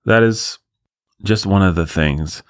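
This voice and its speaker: A man's voice: deep voice, takes it slowly, smooth, no room sound. A man hosting a podcast alone in the studio, riffing in a sarcastic, rambling way. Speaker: podcast host. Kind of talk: solo podcast monologue.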